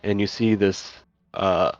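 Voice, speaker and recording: A man's voice: fairly low pitch, fairly even intonation, slow, a bit bright, dry recording, highs cut off. A man narrating a tabletop game as dungeon master, hesitant with many fillers.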